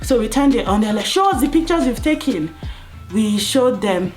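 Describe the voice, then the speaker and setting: Young woman, Nigerian accent, casual vlog storytelling, animated delivery, faint music behind. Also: moderate pace. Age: young adult. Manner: animated, acts out police voices in higher pitch. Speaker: vlogger.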